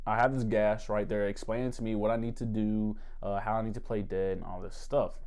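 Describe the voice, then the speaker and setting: A man, a former Marine, telling a story in a casual vlog, lively and profane, acting out sounds and quotes along the way. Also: lowish voice.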